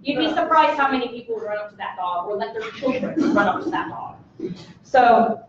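A woman dog trainer lecturing a live audience, lively and acting out voices of dogs and people. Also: a little high, a little fast, noisy background. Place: presentation room with audience. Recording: echoey room, mic from far off, dull sound.

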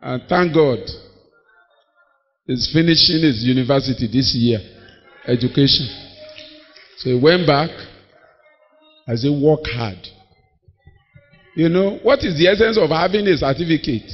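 High-voiced preacher in a reverberant hall. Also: male voice, lively intonation, moderate pace, pauses often, soft background music. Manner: emphatic, storytelling, acting out quoted people. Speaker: pastor. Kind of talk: sermon. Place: church hall. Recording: dull audio in a long-reverb hall.

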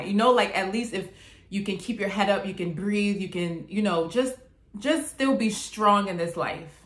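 A woman hosting her own channel, gently and earnestly explaining song lyrics line by line in a casual way. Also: mid-range voice, normal speed, roomy sound.

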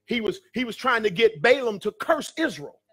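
A male pastor preaching a sermon, calling out to the congregation and rising to shouts. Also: very high voice, big pitch swings, normal speed, slightly rough. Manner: preaching with call-and-response, building to shouts. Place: church sanctuary.

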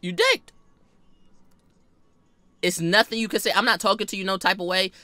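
A man telling a story casually, animated and full of slang, swearing and repeating lines for emphasis. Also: high-pitched, very fast, dry recording.

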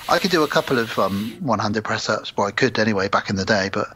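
A man's voice: lowish voice, lively intonation, quick pace, bright, forceful tone, a little hiss or hum. A man co-hosting a podcast, recapping a film plot in a rambling, sweary, casual way. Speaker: podcast co-host. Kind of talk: casual film review chat.

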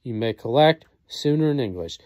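A man reading the part of a young gentleman soldier in a play, in a measured period-verse delivery. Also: mid-range voice, expressive, dry recording, natural voice. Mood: cold. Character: young gentleman soldier, proud then grief-struck.

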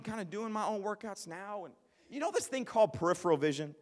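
Animated preacher with a hall echo. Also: male voice, high voice. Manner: animated, self-deprecating, joking. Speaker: pastor. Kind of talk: sermon with personal storytelling. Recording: long reverb of a large hall.

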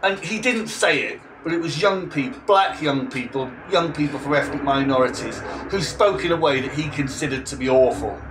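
A man's voice: on the high side, normal speed, few pauses, noisy background. Indignant man in his forties, ranting. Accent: English. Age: 40s. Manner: sarcastic, indignant and blunt. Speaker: language teacher. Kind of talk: ranting vlog monologue.

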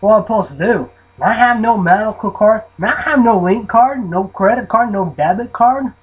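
A man's voice: sits high, normal speed, husky, poor audio. A man rambling and swearing in a casual vlog, often trailing off into mumbles. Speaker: vlogger reviewing an energy drink.

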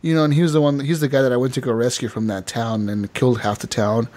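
A man hosting a casual gaming podcast, telling animated stories and laughing often. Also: mid-range voice, fast. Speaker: podcast host. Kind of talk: casual chat.

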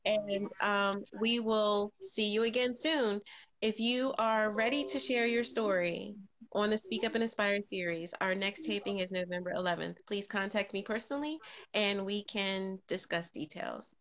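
A woman's voice: mid-range voice, moderate pace. Woman hosting a live stream. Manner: warm greetings to viewers, frequent ums. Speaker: podcast host.

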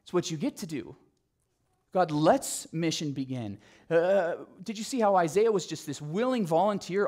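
A man preaching with a slightly higher voice, lively and animated as he tells the story. He drops to quiet, low emphasis on the phrases that matter. His talk has the flow of a pastor's sermon. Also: normal speed. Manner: animated storytelling, acting out quotes.

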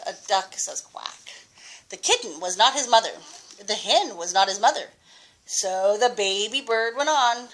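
An older woman reading a picture book aloud to a child, patient and expressive, stopping to ask questions. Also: medium pitch, unhurried, a little hiss or hum.

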